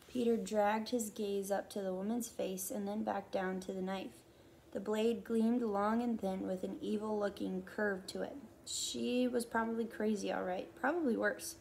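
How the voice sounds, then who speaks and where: A woman reading a novel aloud in steady, expressive storytelling narration. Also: mid-range voice, moderate pace, gravelly, slight background noise. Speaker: audiobook reader.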